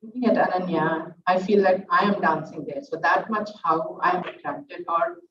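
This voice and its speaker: A middle-aged woman, a dance teacher giving an earnest, halting speech at her student's recital. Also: fairly low pitch, background noise. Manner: earnest, halting, with many fillers. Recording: roomy, distant, dull sound.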